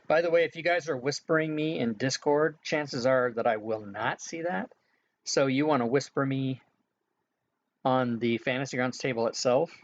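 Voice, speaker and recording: A game master casually guides players through setup during an online game session, using frequent filler sounds. His medium-pitched voice has a moderate pace, and the recording's highs are cut off.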